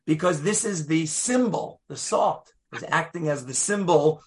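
An animated man leads a Torah class with a slightly high voice. He leans into key words, swings his pitch widely, and acts out quotes as he goes. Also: a little slow, a little hiss or hum. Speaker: rabbi teaching a class.

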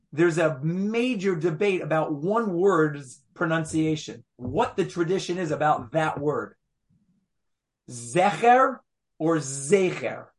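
A man teaching a Torah class, explaining patiently and repeating phrases as he makes each point. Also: a little high.

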